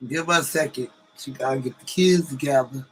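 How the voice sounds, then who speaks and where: A man's voice: mid-range voice, a little fast, slight background noise, low-quality recording. A man co-hosting a casual live stream. He chats loosely with viewers and greets them by name. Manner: chatty, greets viewers, colloquial.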